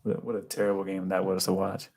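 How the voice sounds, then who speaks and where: Gravelly low-voiced man breaking down players. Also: monotone, fast talker, a little mellow. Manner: enthusiastic, analytical, many fillers. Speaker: podcast co-host. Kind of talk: casual sports chat.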